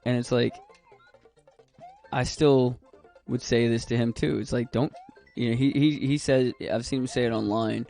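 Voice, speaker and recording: A man's voice: medium pitch, steady tone, normal speed, gravelly, long pauses, warm tone, faint music behind. A young man streaming a video game, chatting casually and rambling, swearing freely. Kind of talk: casual gaming stream chat.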